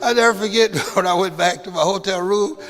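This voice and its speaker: A man's voice: high voice, brisk, fairly bright tone. A man giving a motivational speech, telling a story, then leading the audience in call-and-response. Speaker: motivational speaker. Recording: long hall reverb with clear music underneath.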